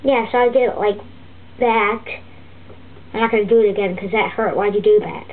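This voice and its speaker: A woman voicing a fussy, griping turtle puppet teacher, rambling and halting with many restarts. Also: medium pitch, steady tone, lightly acted. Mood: grumbling. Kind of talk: comic puppet vlog monologue. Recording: tinny lo-fi phone-like audio with faint hiss.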